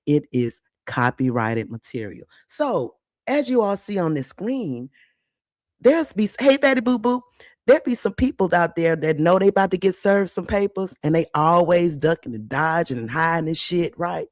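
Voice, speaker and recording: A woman's voice: fairly low pitch, lively intonation, moderate pace, no echo, clean studio sound. A woman hosting a casual livestream, chatty and blunt with salty slang, greeting viewers by name. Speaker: livestream host.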